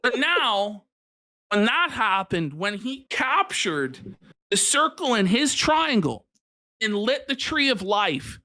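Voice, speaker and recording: Bright, drawling mocking stream host. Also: male voice, sits high, big pitch swings, slow. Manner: mocking, incredulous, swears often. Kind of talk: live reaction commentary.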